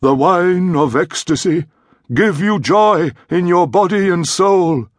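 A man voicing a grandiose male cult priest who intones slowly in a ringing voice. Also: sits high, no echo, studio quality, pitched above the performer's own voice. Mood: solemn intoning. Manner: slow, ringing incantation.

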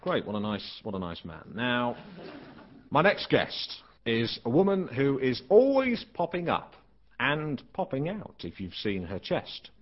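A man's voice: mid-range voice, wildly swooping pitch, measured pace, muffled recording, a little hiss or hum. An actor playing an awkward, smug middle-aged male chat show host who fumbles his links and makes clumsy jokes. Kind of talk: studio comedy chat show parody.

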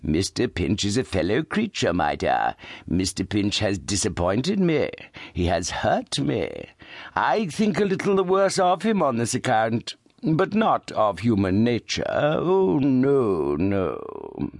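A man reads a sanctimonious middle-aged gentleman who drawls every word with sugary piety. The voice rides up higher than a plain reading and swoops expressively, recorded dry and close. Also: big pitch swings, no room sound, full character voice. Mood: unctuous. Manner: slow, sweet, unctuous delivery. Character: sanctimonious hypocritical middle-aged male architect. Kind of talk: audiobook character reading.

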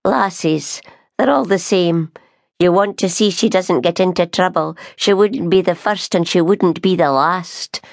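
A woman voicing a gossipy, gloomy older female customer with a Scottish accent, talking slowly with a doom-laden drawl. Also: fairly low pitch, vocal fry, no echo, clean studio sound. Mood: warning. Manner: slow, sighing and doom-laden.

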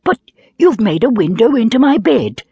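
A woman's voice: on the high side, sing-song, normal speed, warm tone, breathy edge, no echo, pitched above the performer's own voice, exaggerated voice. A woman reading a children's storybook aloud and voicing a small, literal-minded little boy who argues earnestly and innocently.

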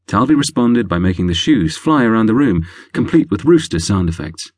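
Romance audiobook narrator, male, deep and wry, close dry studio sound. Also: moderate pace, dry recording. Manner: lively, wry storytelling. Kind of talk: scripted narration.

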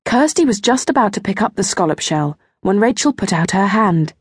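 A woman narrating a children's storybook in a gentle, expressive way, slowing down on small details. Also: mid-range voice, breathy edge, dry recording, studio quality. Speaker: audiobook narrator.

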